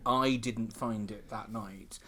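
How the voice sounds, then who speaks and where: A middle-aged male comedian, a guest on a podcast, telling bawdy stories in an animated way. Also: on the low side, takes it slowly, slight background noise. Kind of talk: podcast conversation, anecdotes.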